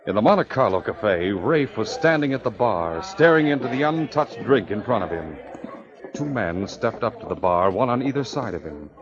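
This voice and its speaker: A man narrating a 1950s radio adventure in a measured storytelling voice. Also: fairly low pitch, very animated, a crowd in the background. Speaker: narrator and announcer. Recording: muffled old radio recording.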